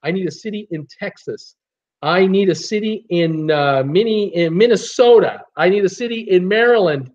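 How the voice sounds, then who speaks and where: A man's voice: sits high, animated, normal speed, darkish tone. A man hosting a live trivia stream, upbeat as he reads out viewer names and their guesses. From United States. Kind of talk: live trivia chat reading viewer comments. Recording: dull lo-fi stream audio.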